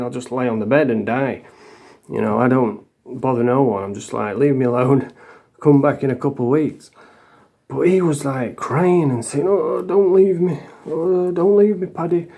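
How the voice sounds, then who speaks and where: Man with yorkshire accent, gravelly voice, dark tone, blunt rambling vlog storytelling, swears freely. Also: medium pitch. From Doncaster area, England. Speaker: vlogger. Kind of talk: casual storytelling to camera.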